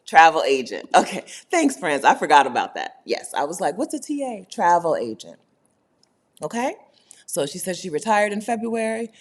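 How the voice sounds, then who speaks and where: A woman hosting a casual livestream, reading viewer comments aloud, emphatic and animated, laughing often and swinging between loud high bursts and low murmurs. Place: indoors, home setting while living abroad.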